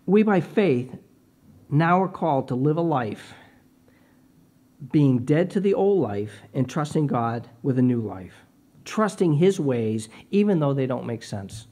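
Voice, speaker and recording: A man's voice: medium pitch, expressive, unhurried, dark tone. A middle-aged man preaching a sermon, earnest and personal, often repeating words as he starts a phrase. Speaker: pastor.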